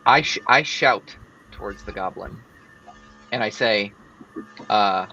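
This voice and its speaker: A man playing a tabletop game, describing his actions in a halting, stumbling way. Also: lowish voice, sharp tone, muffled recording, faint music behind. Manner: halting, self-correcting. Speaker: player. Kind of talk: casual tabletop role-play.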